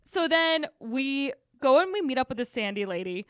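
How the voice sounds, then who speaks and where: A woman co-hosting a podcast, telling a story in casual chat, animated and swearing freely. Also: high-pitched, normal speed, clear, resonant tone, no echo, studio quality. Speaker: podcast co-host.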